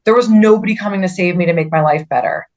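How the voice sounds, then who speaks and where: A woman's voice: on the low side, darkish tone, highs cut off. A woman guest on a podcast, speaking earnestly about her own experiences, often restarting sentences and filling with "like". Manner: earnest, halting, with frequent restarts and "like" fillers. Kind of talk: personal story in a conversational interview.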